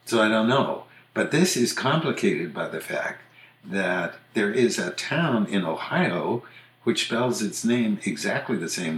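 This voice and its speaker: Pronunciation is the topic as an older usage author hosts his podcast, speaking thoughtfully and informally with frequent fillers. His low-pitched voice is slightly bright, and the space sounds roomy and echoey.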